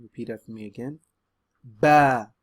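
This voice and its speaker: A man's voice: mid-range voice, normal speed. Easygoing man teaching letters. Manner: relaxed and chatty, with frequent ums; loud, emphatic modelling of letter sounds. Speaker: Quran reading teacher. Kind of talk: beginner Arabic lesson video.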